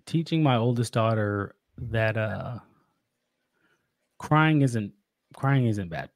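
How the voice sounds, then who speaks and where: A man's voice: fairly low pitch, animated, slow pace, dry recording. A man guesting on a podcast, talking about being a father in an earnest, reflective way, often restarting his sentences. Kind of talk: casual interview talk.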